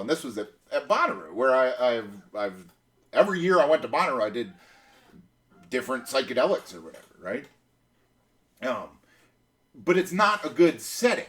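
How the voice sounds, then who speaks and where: A man in his thirties tells a personal story in a loose, rambling way. He restarts his sentences and fills them with "like" and "uh". His voice sits at an ordinary middle pitch. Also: big pitch swings, moderate pace, long pauses. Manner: rambling, many fillers and restarts. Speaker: podcast host. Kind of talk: casual storytelling.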